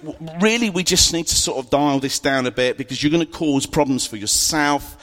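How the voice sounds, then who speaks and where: A preacher voicing weary, fearful soldiers who talk down to a youth in a low, casual, placating way. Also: male voice, normal speed, a bit bright, long reverb tail, lightly acted.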